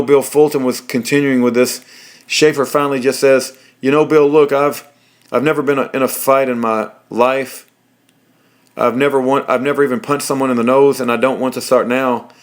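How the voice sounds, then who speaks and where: A man reading legal documents aloud in a plain way, with fillers and restarts. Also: medium pitch. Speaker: reader of court documents.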